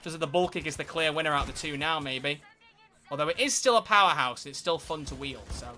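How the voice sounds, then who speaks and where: Excitable man, bright high voice. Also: fairly quick. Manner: excitable, swears often, bursts into shouts. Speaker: game streamer. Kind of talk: live gameplay commentary.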